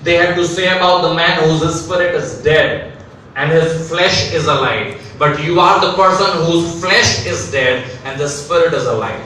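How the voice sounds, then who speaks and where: A man's voice: fairly high pitch, normal speed, bright, forceful tone, a little hiss or hum. A male pastor preaching a live sermon, emphatic, with repeated phrases and rhetorical questions. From India. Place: large church hall. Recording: very echoey hall, mic at a distance.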